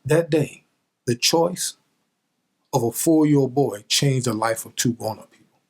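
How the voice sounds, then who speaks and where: A man's voice: medium pitch, measured pace. A man, a guest on the show, telling a childhood story with energy and drama. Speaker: guest, former football player. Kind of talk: animated storytelling.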